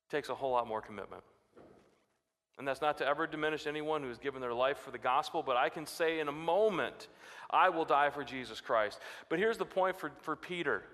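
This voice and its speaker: A man preaching a sermon, lively and dramatic, his voice climbing sharply when he quotes scripture. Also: fairly high pitch, brisk, long reverb tail. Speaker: pastor.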